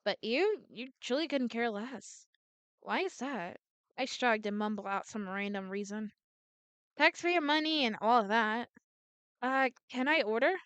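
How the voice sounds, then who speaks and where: A woman's voice: a little high, fairly bright tone, clean tone, no echo. A woman reading a visual novel aloud as a gameplay streamer, voicing every character in her own voice and often restarting words.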